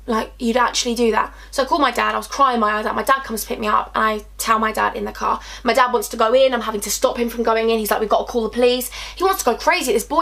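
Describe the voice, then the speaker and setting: A woman's voice: a little high, vocal fry, sharp tone. A young woman tells a distressing personal story in a chatty, emotional vlog, full of "like"s and repeated phrases. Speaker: vlogger telling a personal story.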